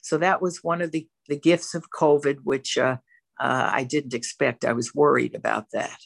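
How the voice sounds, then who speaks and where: A woman's voice: very deep voice, fairly even intonation, normal speed, vocal fry, no room sound. Candid woman sharing her recovery story. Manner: candid, storytelling, self-reflective. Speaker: twelve-step program member. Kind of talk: personal recovery share. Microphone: facing a camera.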